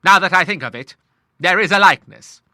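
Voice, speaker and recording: A man's voice: a little high, big pitch swings, a little fast, noisy background, pitched above the performer's own voice. A man voicing a bluff, courteous old naval admiral in an audiobook, hearty and full of sea talk. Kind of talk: audiobook character voice.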